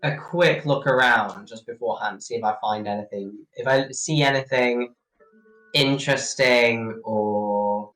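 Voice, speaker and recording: A man's voice: mid-range voice, measured pace, a bit bright, faint music behind, rough recording. A man playing a tabletop game, talking hesitantly with many fillers. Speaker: player. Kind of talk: casual game chat.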